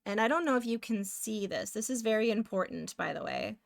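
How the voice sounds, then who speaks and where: A woman's voice: fairly high pitch, lively intonation, brisk, vocal fry. A woman from Canada, chatting casually with viewers while drawing, giggly and talking to herself as she works. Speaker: streamer.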